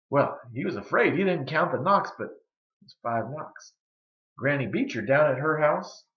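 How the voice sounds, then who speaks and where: A man telling a folk tale, drawling and dramatic, with hushed pauses. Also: fairly high pitch. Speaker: storyteller. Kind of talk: folksy storytelling. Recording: roomy, slightly dull recording.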